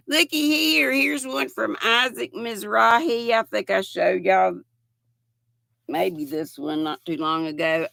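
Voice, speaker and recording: An older woman chats slowly and warmly through a yarn show-and-tell, greeting viewers as she goes. Her voice is bright with a gravelly edge, and the sound is dry and close. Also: fairly low pitch, no echo. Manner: chatty, reads viewer comments aloud with affectionate greetings. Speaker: livestream host. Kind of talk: casual chat while showing yarn.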